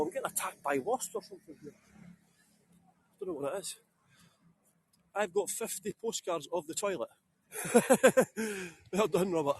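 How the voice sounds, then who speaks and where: Scottish male tour guide, very high voice, chatty and joking, outdoors on a phone with faint street ambience. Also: slight background noise. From Scotland. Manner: chatty, jokey, greets viewers by name. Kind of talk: live-streamed walking tour.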